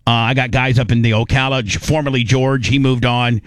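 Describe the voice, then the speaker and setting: A man's voice: medium pitch, steady tone, brisk, dry recording. A man hosting a radio talk show, rambling in casual banter. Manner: rambling, playful, slips into a mock Canadian voice.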